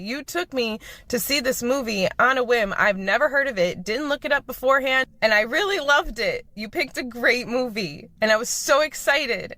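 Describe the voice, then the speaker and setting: A woman's voice: on the high side, bright, forceful tone, dry recording. A woman in a storytime video, earnestly retelling an emotional moment. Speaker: social media poster.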